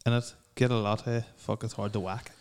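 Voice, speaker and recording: A man's voice: fairly low pitch, level tone, moderate pace, a little mellow, smooth. A young man in casual chat, teasing and blunt, swearing often.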